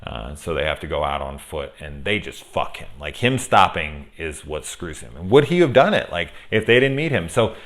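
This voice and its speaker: A man with a very low voice talks through a film review in a loose, rambling way. He swears freely, gets heated, and laughs between points. It sounds like an off-the-cuff spoiler chat. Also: expressive, normal speed, few pauses, fairly bright tone. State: angry.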